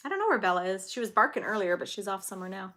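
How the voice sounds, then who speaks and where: A woman's voice: mid-range voice, sing-song, very fast, bright, forceful tone. A woman in her thirties hosting a casual live-stream trivia game, chatty and giggly, telling little stories between questions. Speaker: livestream trivia host and mother.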